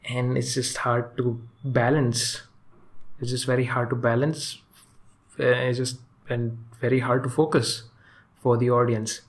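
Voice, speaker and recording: Halting, chatty man reviewing a movie. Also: medium pitch, flat delivery. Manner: halting and hesitant, frequent restarts and fillers, chuckles often. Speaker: film reviewer. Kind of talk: casual spoken movie review.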